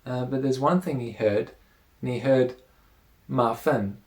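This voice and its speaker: A man teaching an explanatory lesson, explaining step by step in a patient, measured way. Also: mid-range voice, darkish tone.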